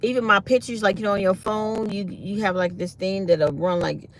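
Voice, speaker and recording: A woman's voice: medium pitch, fairly even intonation, moderate pace. A woman chatting casually to her viewers, animatedly retelling her day. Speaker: vlogger.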